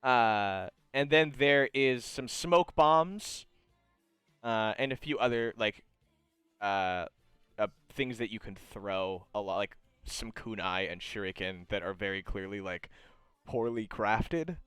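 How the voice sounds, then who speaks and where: A man narrating as game master of a tabletop game, improvising with halting, hesitant phrasing. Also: on the low side, fairly bright tone, clean tone, no echo, soft background music. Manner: halting, full of fillers and restarts.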